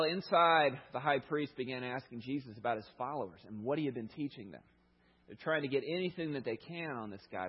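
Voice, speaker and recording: A male pastor preaching a sermon in a conversational, animated storytelling manner, heard through a dull, lo-fi recording. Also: medium pitch, slightly rough.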